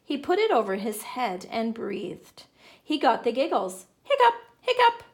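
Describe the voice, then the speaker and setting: A woman reads a children's picture book aloud with playful, animated expression. Her voice sits a little high and swings widely in pitch. She keeps the pace slow and easy to follow. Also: gravelly. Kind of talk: children's story read-aloud.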